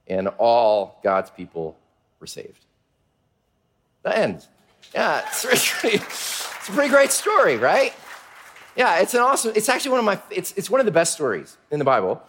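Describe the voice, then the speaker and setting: Brief: male children's pastor, storytelling sermon, high voice with a lot of movement, playful and engaging. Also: normal speed, long pauses, slightly rough. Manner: energetic and playful, asks questions of the audience. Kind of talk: animated Bible storytelling to children.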